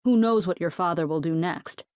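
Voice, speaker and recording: A woman's voice: lowish voice, moderate pace, darkish tone, dry recording, clean studio sound, natural voice. A woman reading the lines of a cocky, protective young man in an audiobook romance, blunt and teasing, swearing freely.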